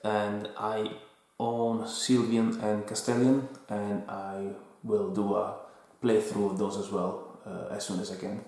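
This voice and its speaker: A man with an Italian accent calmly reviewing a board game and explaining its rules, in an unhurried, slightly hesitant way. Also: on the low side. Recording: very echoey room.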